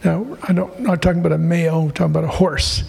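A man ministering in church, delivering a prophetic word and reading scripture, gentle with light chuckles. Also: a little high, flat delivery, racing, vocal fry, husky. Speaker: pastor or prayer minister.

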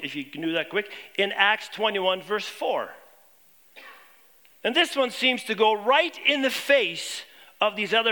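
A man preaching a sermon to his congregation, posing questions and dropping low and quiet on key points. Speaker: pastor.

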